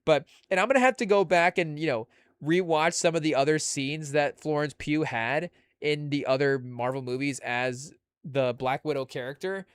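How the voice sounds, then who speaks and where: A man hosting a casual podcast, rambling through his thoughts and padding them with "you know" fillers. His voice sits a little high for a man. The recording is close and dry. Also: moderate pace, smooth, no room sound. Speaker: podcast host. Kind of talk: casual chat.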